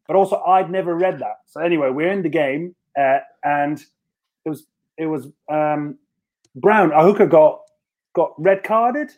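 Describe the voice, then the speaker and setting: A man's voice: a little high, unhurried, a little mellow. A rugby player on a podcast, telling a story in casual chat with many restarts and fillers and laughing as he goes.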